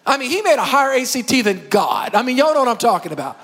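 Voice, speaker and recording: A man preaching a sermon as pastor, animated, calling on the congregation to respond. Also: very high-pitched, fast talker, hardly any pauses, big-room sound. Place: church sanctuary.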